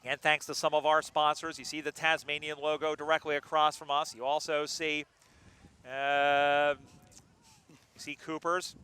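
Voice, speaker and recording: Bright, clear-voiced male sports commentator. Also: on the high side, normal speed. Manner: jokey, excitable on big plays. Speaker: play-by-play commentator.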